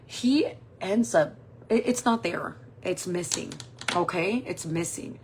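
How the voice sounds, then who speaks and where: Over background noise, a fairly low, creaky voice speaks slowly: a makeup vlogger in her forties recounting a personal story while applying makeup. She's animated, swears freely, and performs the lines people said.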